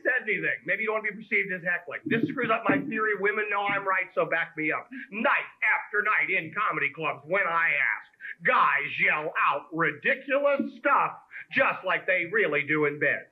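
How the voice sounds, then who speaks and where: A man's voice: high-pitched, animated, normal speed, pushed and bright, rough recording. A man from Pennsylvania performing a stand-up comedy set in a club, teasing the crowd with a conversational, punchy delivery. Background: audience laughter.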